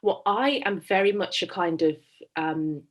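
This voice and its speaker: A woman's voice: on the low side, a little slow. A woman telling her money story as an interview guest, candid and fond of quoting dialogue. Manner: candid, tells stories with quoted dialogue. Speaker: guest, founder of a finance company. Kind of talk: conversational interview.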